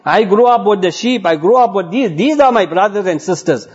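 A man's voice: high-pitched, lively intonation, fairly quick, breathy edge. A man voicing a confused, stubborn male lion raised among sheep, insisting in a sermon story. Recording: dull lo-fi recording.

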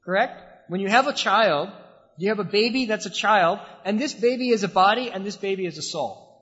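A high-pitched man preaches a sermon briskly, with lively intonation and a fairly bright tone, building his points through repetition and rhetorical questions. A large mosque hall gives his voice a long reverb, and the recording is slightly muffled.

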